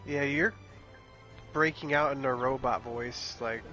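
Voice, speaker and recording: A man's voice: mid-range voice, unhurried, lo-fi sound, over music. A man in casual voice chat with gaming friends, teasing and joking. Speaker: gamer chatting with friends.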